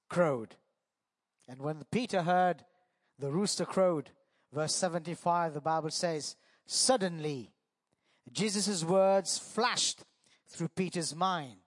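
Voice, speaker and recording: Slow, high-voiced male preacher. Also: lively intonation. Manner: dramatic retelling, voices quotes with rising emphasis. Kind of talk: sermon.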